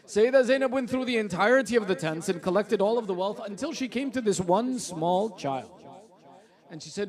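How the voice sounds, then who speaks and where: A man's voice: high voice, lively intonation, moderate pace. A male preacher reciting a mournful, elegiac sermon that swells into impassioned cries.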